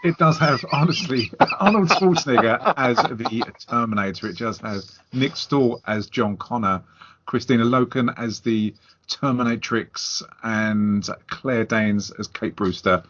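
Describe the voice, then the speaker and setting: A man's voice: mid-range voice, a little slow, fairly bright tone, muffled recording, slight background noise. A man co-hosting a casual film review podcast, teasing the others sarcastically and sharing trivia. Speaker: podcast co-host.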